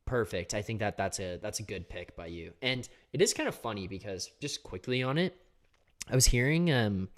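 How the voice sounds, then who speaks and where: A man's voice: fairly low pitch, expressive, normal speed. A man hosting a casual post-game livestream, chatting loosely, reading viewer comments and laughing often. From Canada. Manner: laid-back, chatty, laughs often, reads chat comments aloud. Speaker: host.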